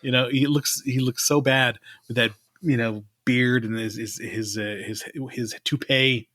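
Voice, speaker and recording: A man's voice: mid-range voice, fairly even intonation, measured pace, fairly bright tone. Laughing man chatting on a podcast. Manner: laughs often, chatty and mocking. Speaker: podcast co-host. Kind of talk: casual chat.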